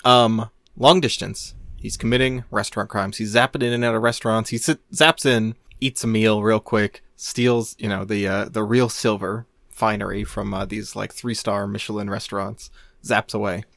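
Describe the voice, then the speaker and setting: A man's voice: on the low side, level tone, moderate pace, gravelly, fairly bright tone, no room sound, studio quality. A man on a casual podcast telling a long rambling story, laughing often and restarting his sentences. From Maine, USA. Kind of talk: casual chat.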